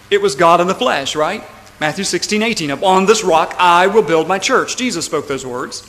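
A man with a notably high voice preaches a sermon, driving his points with emphasis and frequent "right?" asides. His voice rings through a long, reverberant hall. A faint hush of room noise sits underneath. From United States. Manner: emphatic, rising to loud climaxes, asks "right?" often. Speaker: pastor.

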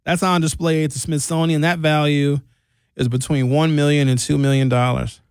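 A man giving casual, animated commentary, drawing out key figures slowly for emphasis. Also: on the high side, clean tone, no echo, studio quality.

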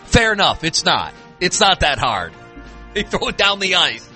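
A man's voice: sits high, very animated, a little slow, sharp tone, soft background music. A man hosting a sports talk show, ranting in exasperation with frequent restarts. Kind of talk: casual sports talk rant.

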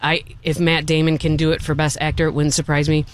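An enthusiastic man talks through a film in loose, casual chat, circling back and restarting his sentences as he goes. His voice sits a little on the high side for a man. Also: completely flat delivery, fast talker, slight background noise. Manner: enthusiastic, rambling, with many restarts. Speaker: film reviewer.

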